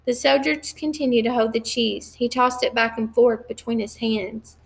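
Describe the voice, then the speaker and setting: A woman reading a novel aloud at a measured pace, with occasional slips and restarts. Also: fairly high pitch, steady tone, gravelly, slightly rough. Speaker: reader.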